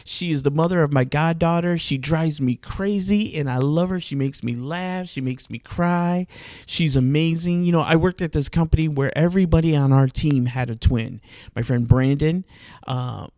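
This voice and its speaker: A man's voice: a little high, moderate pace, a little mellow, dry recording, studio quality. A man hosting a podcast, chatting casually with gossipy, dramatic flair. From Mexico. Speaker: podcast host. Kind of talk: casual chat.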